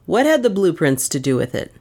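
A woman's voice: on the low side, sing-song, a little fast, darkish tone. A woman reading the part of a dogged, relentless male detective in clipped, insistent questions.

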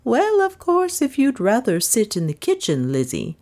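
A woman's voice: a little high, wildly swooping pitch, normal speed, mellow, pitched above the performer's own voice. A woman reading an audiobook who voices a prim, composed older lady running her household. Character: prim elderly spinster mistress of the house.

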